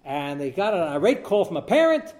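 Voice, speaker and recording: Male talk show host, voice a touch high, rambling storyteller who uses Hebrew and Yiddish terms. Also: big pitch swings, fairly quick, darkish tone. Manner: repeats and restarts while telling a story.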